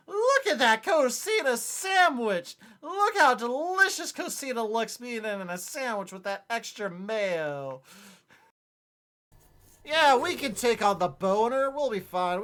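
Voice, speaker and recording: A woman's voice: fairly high pitch, a bit bright. A woman streamer chatting casually while she games. She swears freely, repeats herself and laughs a lot. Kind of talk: casual live-stream chat while gaming.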